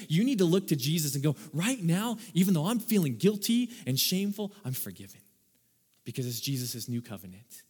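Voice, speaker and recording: Animated male pastor in a reverberant hall. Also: a little high. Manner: animated, acts out little scenes, laughs at own jokes. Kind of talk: sermon.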